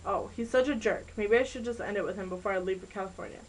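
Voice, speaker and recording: A woman's voice: mid-range voice, fast, lightly acted, low-quality recording. A woman voicing a heartbroken, touchy teenage girl, read plainly with some hesitation. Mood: hurt.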